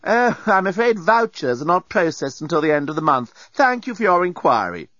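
A man's voice: a little high, big pitch swings, normal speed, a bit bright, no echo, pitched above the performer's own voice. A man playing a snotty deskbot. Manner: condescending, clipped. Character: snotty insolent deskbot robot, male. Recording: dull lo-fi dry recording.

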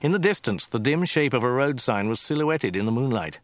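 A male narrator reading a novel aloud with a lively, wry delivery. The recording is dry and close with no room sound. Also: medium pitch, brisk, no echo. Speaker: audiobook narrator. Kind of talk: scripted narration.

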